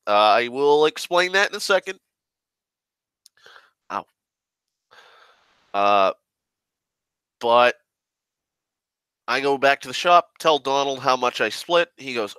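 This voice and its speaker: A man's voice: medium pitch, animated, slow pace, long pauses, pushed and bright, clean tone, no echo. A sick young man who coughs now and then, rambling in a profane, grumbling, sarcastic rant. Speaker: online rambler.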